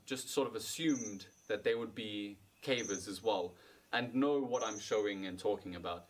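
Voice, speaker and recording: A man's voice: on the low side, moderate pace, a little hiss or hum, close to an everyday voice, low-quality recording. An actor playing an earnest young man who films a caving diary, talking casually to camera with lots of hesitant fillers. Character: earnest young male caver vlogging his dig. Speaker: caver filming a video diary. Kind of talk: casual vlog talk to camera. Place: outdoors at night by a cave.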